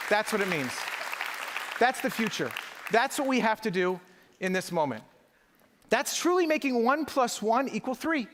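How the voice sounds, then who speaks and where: A man's voice: extremely high pitch, big pitch swings, normal speed, pauses often, a crowd in the background, noisy background. A middle-aged man giving a live keynote speech at a conference, rhetorical and emphatic, working the audience. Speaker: conference speaker. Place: large conference hall. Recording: echoey conference hall.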